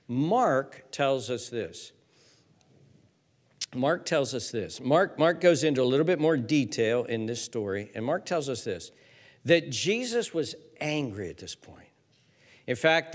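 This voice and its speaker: A pastor with a fairly high voice preaches a sermon emphatically. He repeats words and builds lists of them that rise in intensity as he goes.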